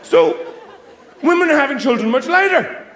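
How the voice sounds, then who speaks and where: A man from Ireland doing a stand-up comedy set, rambling, muttering into asides and then bursting into loud mocking quotes, recorded live in a roomy venue. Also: very high voice, big pitch swings, normal speed, some chatter behind, a little hiss or hum.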